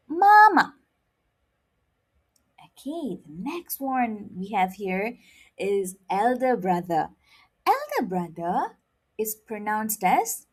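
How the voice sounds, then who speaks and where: A woman with a mid-range, slightly mellow, husky voice teaches a playful beginner Mandarin lesson. She's upbeat and drills words by repeating them with rising intonation.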